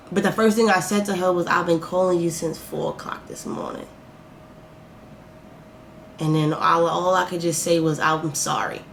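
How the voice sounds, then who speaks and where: A young woman tells a storytime in a lively, animated way, swearing freely and acting out her own reactions. Her voice sits a little low for a woman. The room echoes around her, with a faint hiss underneath. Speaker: vlogger. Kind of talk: casual storytime.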